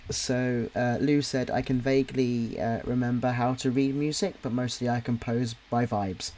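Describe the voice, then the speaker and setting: A man's voice: mid-range voice, steady tone, normal speed, a little mellow, a little hiss or hum. A young man casually chatting while he draws on a livestream, reading out viewers' comments with plenty of ums. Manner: rambling, friendly, full of ums and restarts. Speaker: livestream host and artist.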